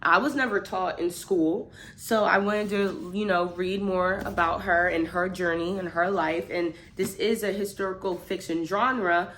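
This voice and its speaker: A young woman casually reviewing a book, chatty and animated, with a lot of fillers as she talks. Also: lowish voice, a little slow, few pauses, a little hiss or hum.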